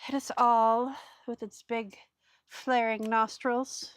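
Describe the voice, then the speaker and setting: Woman rambling on a live craft stream, kinda high voice, chats w viewers while she glues stuff. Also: little pitch movement, takes it slowly, clear, resonant tone, dry recording. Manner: chatty and rambling, greets viewers while working. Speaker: craft video host. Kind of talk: casual live crafting chat.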